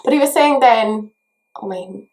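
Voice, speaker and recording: A woman's voice: a little high, measured pace, darkish tone. An Irish woman chatting through a makeup tutorial in a chatty, self-mocking way. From Ireland. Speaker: beauty vlogger. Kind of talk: casual makeup tutorial chat.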